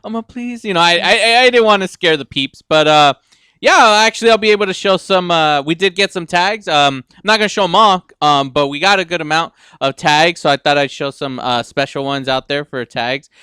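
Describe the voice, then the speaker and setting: A man's voice: fairly high pitch, brisk, sharp tone, clean tone, dry recording, clean studio sound. A man hosting a live podcast in casual chat, joking and rambling, from Southern California. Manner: joking, rambling, laughs often. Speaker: podcast host.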